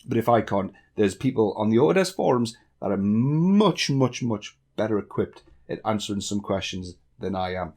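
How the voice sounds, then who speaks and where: A man from northeast England with a softened northeast English accent, answering viewer questions bluntly in a casual vlog. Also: fairly low pitch, very animated, normal speed, few pauses. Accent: northeast English, toned down. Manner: blunt, candid, chatty with swearing. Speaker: YouTube tech tutorial creator.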